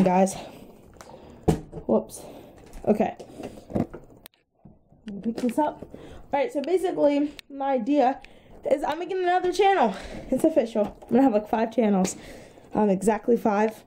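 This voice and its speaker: A woman's voice: fairly high pitch, expressive, moderate pace, pauses often, dark tone, slight background noise. A young woman chatting casually to her viewers in a rambling vlog, with plenty of fillers. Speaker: vlogger.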